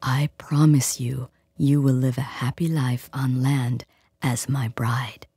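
A woman voicing a stubborn, headstrong but kind young fisherman in a storybook reading, speaking softly and earnestly in a breathy, hushed voice. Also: extremely low pitch, flat delivery, takes it slowly, no room sound, voice pushed down, full character voice. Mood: coaxing. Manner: earnest, coaxing. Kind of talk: storybook character voice.

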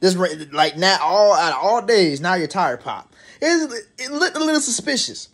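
A man's voice: high voice, very animated, moderate pace, a bit bright. Rambling, profane young man. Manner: profane, rambling, with frequent restarts and laughter. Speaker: vlogger. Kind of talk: casual storytime monologue.

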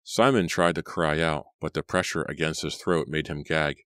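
A man reading a horror audiobook in a measured, steady narration. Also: extremely low pitch, no room sound, clean studio sound. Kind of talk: scripted narration.

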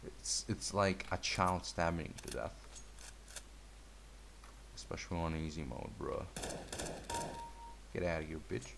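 A man with a low voice drawls through casual gameplay commentary at an unhurried pace. He mutters along, then bursts into swearing and trash talk at his opponents. A faint hiss sits under the recording. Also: gravelly. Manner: laid-back and mumbly, breaking into swearing, trash talk and yelps at the game.

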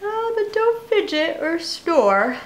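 A woman voicing a group of six bossy cats in a storybook, speaking loud and indignant. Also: extremely high pitch, very animated, slow pace, pitched above the performer's own voice, heavily acted. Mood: sleepy. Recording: roomy echo.

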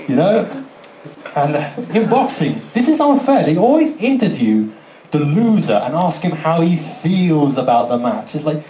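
A man's voice: high-pitched, big pitch swings, normal speed, dark tone. A man doing a stand-up comedy set, brash and sweary, acting out little voices for his jokes. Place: comedy venue with live audience. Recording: roomy venue, faint background noise.

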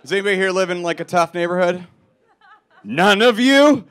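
A young man doing stand-up on a comedy club stage, talking into a handheld mic. His voice sits a bit high, and his delivery is dry and self-mocking, then louder on the punchlines. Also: lively intonation, moderate pace. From Milwaukee.

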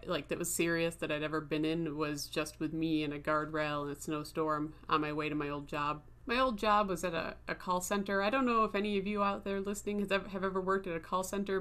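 Chatty woman in her thirties, slightly low. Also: a bit bright. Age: 30s. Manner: chatty, self-deprecating, laughs while talking. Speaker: video creator. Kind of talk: rambling voice-over storytelling.

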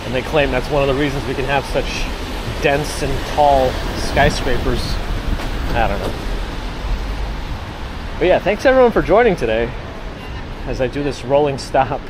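A man's voice: medium pitch, lively intonation, normal speed, pauses often. A man with a New York accent hosting a walking livestream, chatting casually in a rambling way and thanking viewers as he walks outdoors. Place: outdoors on rainy city streets. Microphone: handheld camera rig. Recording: outdoor street noise. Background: street traffic.

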